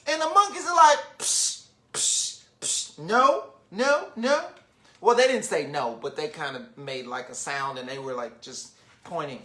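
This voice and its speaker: A man reading a children's storybook aloud online, with animated, chatty asides to young listeners. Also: medium pitch, normal speed. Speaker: children's book reader, literacy founder. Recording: roomy echo.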